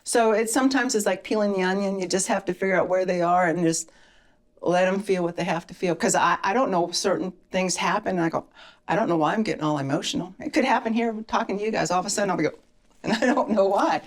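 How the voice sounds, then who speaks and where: A woman's voice: medium pitch, quick pace. A woman guest, a firearms instructor, talking casually and earnestly on a podcast, sharing personal stories with feeling. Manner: earnest, storytelling, emotional at times.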